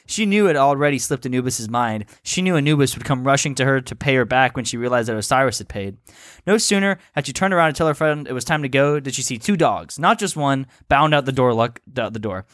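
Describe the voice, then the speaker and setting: Host reading out fan fiction with giggly stumbles, close and dry. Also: male voice, medium pitch, animated, quick pace, a bit bright, no echo. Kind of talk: read-aloud comedic narration.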